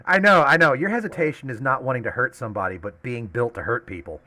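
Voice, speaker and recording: A man's voice: mid-range voice, quick pace, bright, forceful tone. A man running a tabletop game as game master, explaining rules and laughing often.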